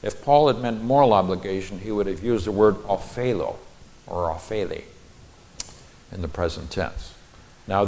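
A middle-aged man preaching an expository Bible lesson in a deliberate, explanatory way, with folksy personal asides. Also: sits low, darkish tone.

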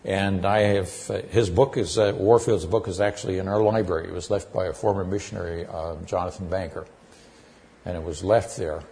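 A man giving an expository sermon, explaining terms with measured pacing and frequent pauses. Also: sits low, steady tone, gravelly, a little mellow. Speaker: preacher.

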